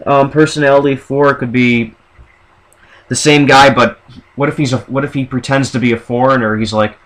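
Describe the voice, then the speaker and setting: A man vlogs in a casual monologue, rambling through a list of show ideas with fillers and restarts. His voice is medium-pitched and fairly bright, with fairly even intonation at normal speed, and the recording is rough.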